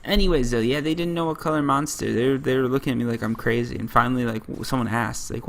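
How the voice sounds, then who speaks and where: Gravelly rambling American gamer guy. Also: mid-range voice, steady tone, quick pace, hardly any pauses, slight background noise. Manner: rambling, self-interrupting, lots of "like". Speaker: gaming channel host. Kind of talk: rambling gameplay commentary.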